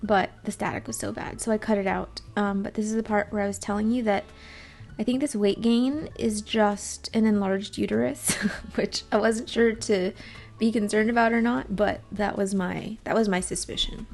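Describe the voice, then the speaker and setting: A woman talks over her own footage in a loose, rambling vlog voice-over, poking fun at herself as she goes. Her voice sits at a middle pitch with a lot of gravelly fry. Soft music plays faintly behind her. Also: steady tone, moderate pace. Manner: chatty, rambling, self-deprecating. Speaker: vlogger.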